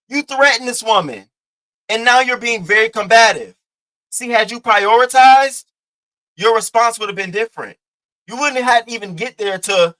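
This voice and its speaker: A man's voice: high-pitched, moderate pace, sharp tone, rough recording. A man giving blunt, profane, mocking reaction commentary, lecturing his viewer in AAVE. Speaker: commentary host.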